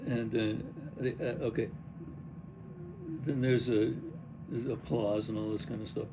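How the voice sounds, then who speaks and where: A man reading stage directions aloud in a halting way at a play rehearsal. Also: mid-range voice, steady tone, background noise. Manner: halting, restarting, narrating directions. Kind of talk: rehearsal read-through.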